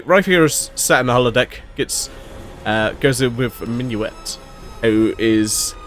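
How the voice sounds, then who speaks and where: A man's voice: mid-range voice, a bit bright. A man giving a casual, rambling solo recap of a TV episode, full of fillers, restarts and swearing. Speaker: episode reviewer.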